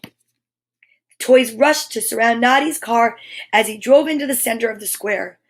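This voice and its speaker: A woman hosting a children's story time, reading picture books aloud in an animated way with playful asides to her young listeners. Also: on the high side, moderate pace.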